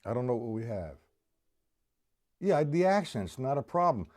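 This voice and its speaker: A man's voice: mid-range voice, very animated, a little mellow. A middle-aged man teaching drums on a live stream, apologetic and rambling, stopping often to restart his sentences. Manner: counts and explains stickings slowly. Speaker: drum teacher. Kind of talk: live-streamed drum lesson.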